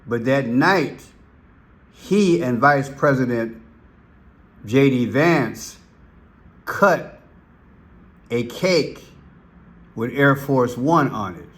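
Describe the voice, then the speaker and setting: A man hosting commentary over played clips, talking slowly and deliberately and hammering single words by repeating them. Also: mid-range voice, animated. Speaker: commentary channel host.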